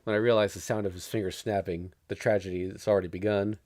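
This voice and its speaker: A man's voice: lowish voice, steady tone, fast talker, darkish tone, slight background noise. A man streaming a read-aloud of a visual novel, narrating steadily with small stumbles and laughs.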